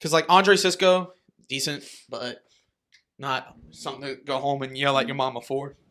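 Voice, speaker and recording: A man's voice: mid-range voice, fairly even intonation, normal speed, pushed and bright. A man co-hosting a sports podcast in casual, profane, jokey chat, laughing often. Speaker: podcast co-host.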